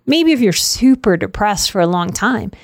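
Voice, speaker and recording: A woman's voice: medium pitch, animated, moderate pace, no room sound, clean studio sound. A middle-aged woman hosting a reflective talk on anxiety, speaking earnestly with repeated emphasis and the odd "y'all". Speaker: podcast host on anxiety.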